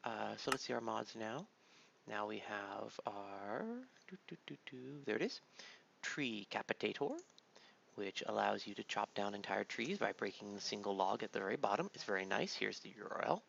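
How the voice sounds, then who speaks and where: A man's voice: lowish voice, normal speed, vocal fry, a bit bright. A man hosting a casual gameplay video, rambling laid-back commentary full of fillers, sounding like a tired dad at his home computer. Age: adult father. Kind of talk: casual let's-play commentary. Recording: dull lo-fi mic with faint noise.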